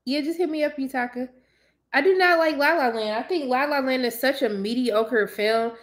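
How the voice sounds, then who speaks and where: A young woman chatting casually to her viewers, blunt and sassy, ranting with animated emphasis. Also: high voice, normal speed. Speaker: movie commentator.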